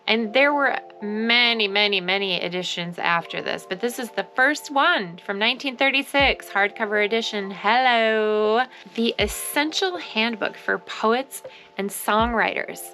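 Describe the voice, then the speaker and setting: A woman's voice: medium pitch, sharp tone. A woman hosting a casual vlog about thrifted finds she resold, talking with enthusiasm and frequent exclamations.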